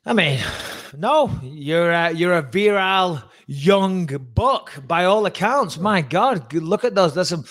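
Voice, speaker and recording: A man co-hosting a podcast, giving fight picks in animated, teasing casual chat with emphatic repetition. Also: sits high, slow, hardly any pauses. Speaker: podcast co-host and fight pundit.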